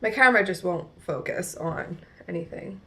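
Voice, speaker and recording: A woman's voice: lowish voice, normal speed, sharp tone. A young woman from New Jersey with a New Jersey accent, chatting casually through a makeup tutorial with lots of "like" fillers. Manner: chatty, rambling, many "like" fillers. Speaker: beauty vlogger. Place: at home in front of a mirror.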